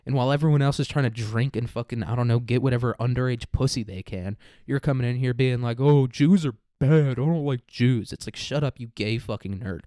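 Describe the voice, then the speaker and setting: A man's voice: mid-range voice, fast talker, hardly any pauses, darkish tone, no echo. A man hosting a casual commentary podcast, ranting with profane sarcasm and laughing at his own jokes. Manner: profane, sarcastic, mocking mimicry.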